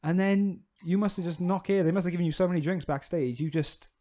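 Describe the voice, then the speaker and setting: A young man co-hosting a podcast, joking and chiming in with quick reactions. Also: high voice, dark tone. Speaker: podcast co-host. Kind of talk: casual banter.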